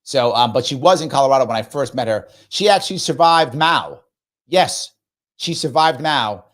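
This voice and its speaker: A man's voice: medium pitch, animated, normal speed, a bit bright. A man hosting a live stream, chatting casually, reading viewer comments aloud and playfully pleading with his audience. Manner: playful, pleading, repeats himself for effect. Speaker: livestream show host.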